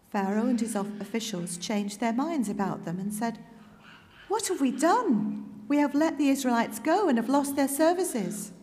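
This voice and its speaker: Steady woman reading scripture. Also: mid-range voice, long reverb tail, slight background noise. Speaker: scripture reader. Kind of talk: Bible reading.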